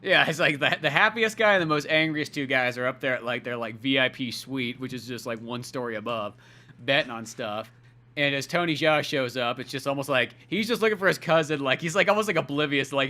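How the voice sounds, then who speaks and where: A man's voice: mid-range voice, fast talker, bright, forceful tone. A young adult man co-hosting a podcast, casually chatting about a film with loose, profane banter. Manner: loose, profane banter with laughs and quoted asides. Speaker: podcast co-host.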